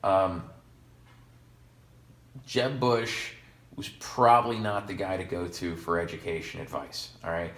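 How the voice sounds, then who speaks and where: A man's voice: low-pitched, little pitch movement, unhurried, pauses often, a bit bright. A man co-hosting a podcast in casual chat, rambling and sarcastic with jokey asides. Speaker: podcast co-host. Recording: echoey room.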